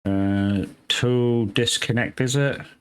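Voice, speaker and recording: Man, game streamer, casual live commentary, rambling, swears freely, mid-pitched voice. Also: steady tone, slow pace, smooth. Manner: rambling, swears casually, greets chat viewers by name.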